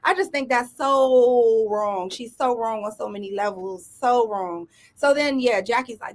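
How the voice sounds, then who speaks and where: A woman hosts a casual commentary show. Her voice sits a little high, and she talks in a sassy, emphatic way full of rhetorical asides. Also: normal speed, few pauses. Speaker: commentary host.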